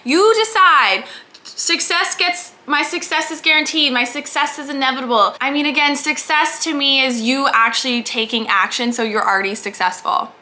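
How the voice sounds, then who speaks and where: A woman's voice: high-pitched, sharp tone. A woman business mindset coach giving an upbeat, encouraging motivational talk to the camera.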